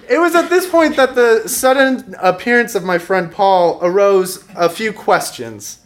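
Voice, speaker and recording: A man's voice: high-pitched, sing-song, slow, heavy background noise. A young man telling a funny personal story on stage, wry and self-mocking, laughing along as he talks. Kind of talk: stand-up storytelling.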